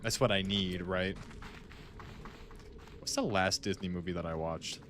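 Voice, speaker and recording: A low-voiced, slightly bright gaming streamer speaks at a measured pace, with a little hiss or hum in the audio. He rambles while playing, musing aloud to his friends and saying "like" a lot.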